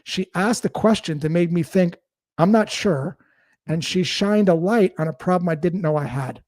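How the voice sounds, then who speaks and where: A man with a fairly high voice, speaking as a guest in an interview. He explains sales ideas in a relaxed way through stories and acted-out dialogue. The sound is dry, with almost no room echo. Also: normal speed. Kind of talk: conversational interview storytelling.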